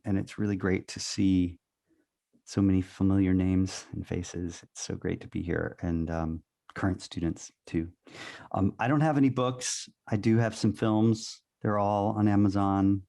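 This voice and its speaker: A man from North Carolina, a screenwriter and writing teacher, reading his memoir aloud over a video call, hesitant at first, then measured. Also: low-pitched, vocal fry, dark tone.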